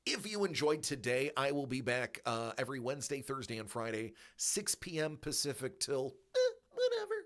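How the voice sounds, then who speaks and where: Man, livestream host, casual chat, rambling tangents, bright forceful voice. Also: mid-range voice, gravelly. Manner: rambling, tangent-prone, with laughs and fillers.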